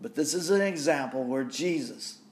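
A man's voice: fairly high pitch, animated, normal speed, slight background noise. A man preaching a sermon, reading scripture aloud and reflecting on it with repeated rhetorical questions.

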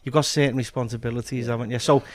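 A man's voice: mid-range voice, rapid-fire, crowd noise. A middle-aged man with a Liverpool accent, chatting as a podcast guest and telling stories with plenty of swearing. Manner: animated storyteller, swears freely. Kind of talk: casual chat.

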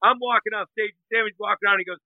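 A man telling casual stories as a guest, animated and doing quick voices of the people in them. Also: high voice, no room sound. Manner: animated, imitates others' voices in anecdotes. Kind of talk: casual storytelling. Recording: tinny phone-line sound.

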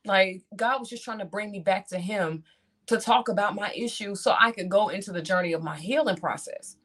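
A woman in her thirties, speaking, tells a personal testimony in animated style and acts out her own reactions as she talks to the audience. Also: medium pitch, brisk. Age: 30s. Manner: talks straight to the audience, calls them "y'all".

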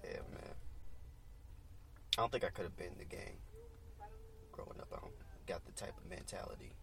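A man co-hosting a casual podcast from inside a car, relaxed and quick to laugh, talking in easy slang. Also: sits low, a little hiss or hum. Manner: laid-back, laughs often, drops into slang. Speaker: podcast co-host. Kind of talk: casual chat.

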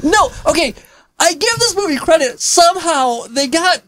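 Animated woman, lively skeptical delivery. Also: very high-pitched, a little slow. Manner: animated, skeptical, laughs often. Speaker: podcast co-host. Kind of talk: casual movie discussion.

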